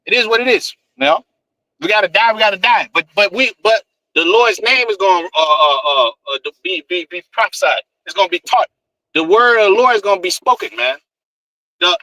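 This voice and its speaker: High, bright-voiced profane street preacher man. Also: dry recording, rough recording. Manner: profane, emphatic, repeats "man" constantly. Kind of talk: fiery scripture teaching.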